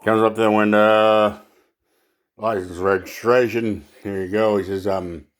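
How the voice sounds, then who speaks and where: A man doing stand-up comedy, halting, with fillers, laughing at his own jokes. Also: on the low side, steady tone.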